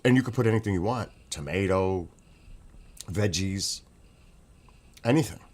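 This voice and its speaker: A man with a deep, low voice talks in a loose, rambling vlog at home. He raves with enthusiasm and circles back to the same points again and again. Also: a little slow, a little mellow. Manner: enthusiastic, rambling, repeats himself. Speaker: vlogger. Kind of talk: casual chat.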